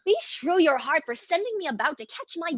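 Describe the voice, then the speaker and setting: A woman's voice: extremely high pitch, very animated, brisk, a bit bright, dry recording, dull audio, full character voice. A woman reading the part of a weary, teasing old nurse in a table read of a play, complaining with groans and whispered asides.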